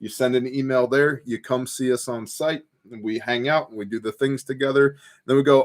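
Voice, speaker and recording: A man's voice: mid-range voice, fairly even intonation, moderate pace. Laid-back man chatting on his porch. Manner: laid-back, rambling storyteller with fillers. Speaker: host of a prepper livestream. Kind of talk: casual livestream chat reading comments. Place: home porch, outdoors.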